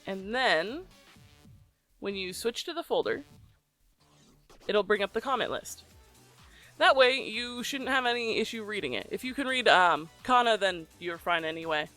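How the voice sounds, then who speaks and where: A voicebank creator talking through a recording tutorial in a relaxed, chatty way, often pausing with ums. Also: medium pitch, faint music behind. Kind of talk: casual tutorial explanation.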